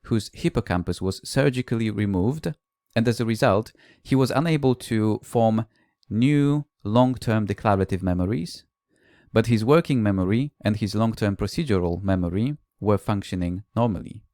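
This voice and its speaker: A man's voice: fairly low pitch, moderate pace, dark tone, dry recording, studio quality. A man, a language teacher, giving a recorded conference presentation that mixes explanation with classroom anecdotes and the odd "uh".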